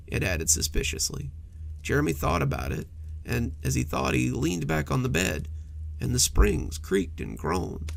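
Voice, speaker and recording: A man's voice: medium pitch, normal speed. A man narrating a cozy horror story in a scripted storytelling style. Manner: gravelly, animated storytelling.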